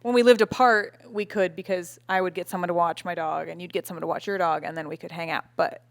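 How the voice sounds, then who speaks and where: A woman in her late twenties co-hosts a casual podcast from home, talking fast in a fairly low, steady, creaky voice and laughing often. She uses a podcast microphone with a cover, and there's no echo.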